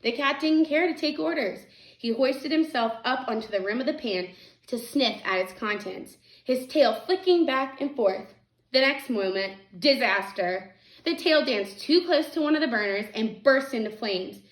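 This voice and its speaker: A woman's voice: high-pitched, lively intonation, moderate pace. A woman teacher reads a novel aloud to students and adds casual, chatty asides between passages. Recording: echoey room.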